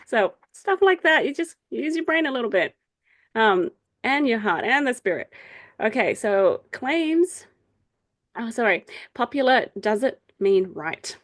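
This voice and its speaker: A middle-aged woman leading a faith group meeting over a video call, explaining ideas in a casual, chatty way, laughing often and acting out quoted people in a higher voice. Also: sing-song, normal speed. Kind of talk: casual teaching talk.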